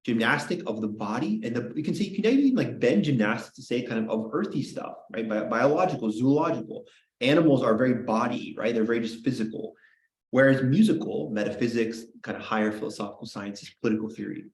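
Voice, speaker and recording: Male teacher, playful and chatty, mid-pitched voice, roomy classroom echo. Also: expressive, fast talker, darkish tone. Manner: playful, joking, chatty asides. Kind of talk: classroom lecture.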